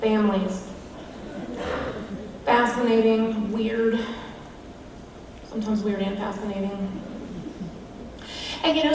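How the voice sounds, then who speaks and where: A woman with a fairly high voice is the featured speaker at a women's event, offering a chatty, humorous devotional sprinkled with self-mocking remarks. Captured from a distance in an echoing large hall, the audio carries a slight hiss or hum.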